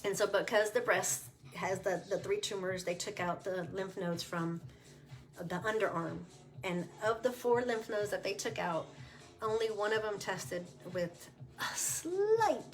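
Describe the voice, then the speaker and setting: A woman talks candidly on a livestream in a relaxed, conversational voice at an everyday pitch. She sounds chatty and open, with frequent fillers and quick laughs, and soft music plays faintly behind her. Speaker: cancer survivor sharing her story. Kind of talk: casual livestream testimony. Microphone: webcam or phone on a livestream.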